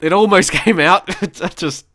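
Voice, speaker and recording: A man's voice: high voice, unhurried, a bit bright, no echo, studio quality. A young man chatting casually through his gameplay, rambling and reacting aloud to the match. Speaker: let's play commentator.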